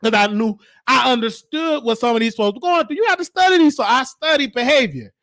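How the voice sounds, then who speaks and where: A man hosting a show, telling stories in an animated way and acting out the voices of the people in them. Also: very high-pitched, a little fast, no room sound. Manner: animated, acts out quoted voices. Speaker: show host. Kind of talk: storytelling monologue.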